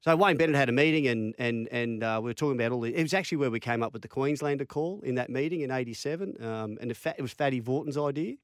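Speaking fast with few pauses, a medium-pitched Australian man in his fifties chats as an interview guest. He's a former rugby league player and lively yarn-spinner who acts out quotes and laughs at his own stories, captured in a dry, studio-quality recording.

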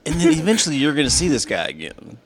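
A man's voice: on the high side, huge pitch swings, fast, husky. A man co-hosting a casual podcast, teasing his friend and breaking into hard laughter. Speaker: podcast co-host. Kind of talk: casual crude chat.

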